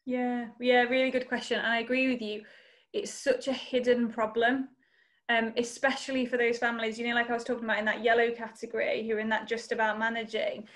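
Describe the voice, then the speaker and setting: A woman's voice: fairly high pitch, level tone, fairly quick, fairly bright tone. A woman presenting a workshop over a video call, answering questions in an earnest, encouraging way. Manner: earnest, encouraging, speaks of faith. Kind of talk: online conference Q&A.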